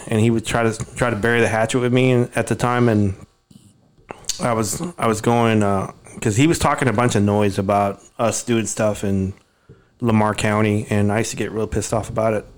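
Low-voiced rambling man. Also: fairly even intonation, normal speed. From Oak Cliff, Dallas, Texas. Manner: rambling, laughing storyteller. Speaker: podcast host. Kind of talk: casual chat, storytelling.

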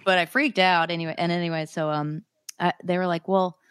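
A woman's voice: fairly low pitch, fairly even intonation, fairly quick, fairly bright tone, clear, resonant tone, dry recording, studio quality. A young woman, a singer-songwriter guest, chatting casually and enthusiastically with lots of fillers. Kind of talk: casual interview chat.

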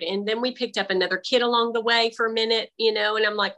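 A woman's voice: medium pitch, level tone, quick pace, few pauses, bright, forceful tone, poor audio. A woman on a remote call through earbuds, telling a faith testimony in casual conversation and animatedly acting out her own dialogue. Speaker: guest. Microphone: AirPods.

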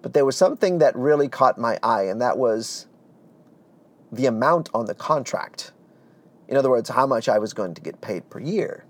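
A man telling his life story as a testimony, earnest and animated, dropping to a hush at heavy moments. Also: medium pitch, moderate pace. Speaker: speaker giving a personal testimony.

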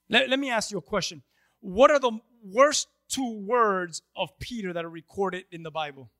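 A male pastor with a notably high voice preaches to his congregation. He talks to them conversationally, asks them questions and acts out the voices in the scripture. The sound is close and dry, with little room echo. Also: a bit bright. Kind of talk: sermon.

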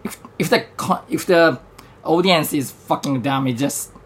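Male stand-up guest, slow deliberate delivery, hesitant with frequent restarts. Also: on the high side, husky. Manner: measured, halting, many restarts. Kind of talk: casual interview chat.

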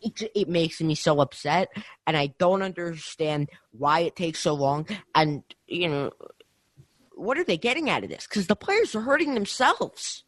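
A man's voice: on the high side, expressive, a little slow, fairly bright tone, dry recording. A young man co-hosting a casual sports podcast, ranting with heat and repeating himself. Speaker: podcast co-host.

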